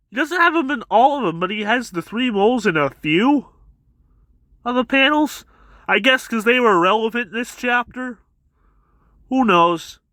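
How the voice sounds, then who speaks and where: A man talks through a manga chapter in a loose, rambling recap, stopping often to restart his thoughts. His voice sits high and bright, and it is recorded dry and close with no room sound. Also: no room sound. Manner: rambling, retells scenes with quick quoted voices. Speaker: manga reviewer. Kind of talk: casual chapter recap and commentary.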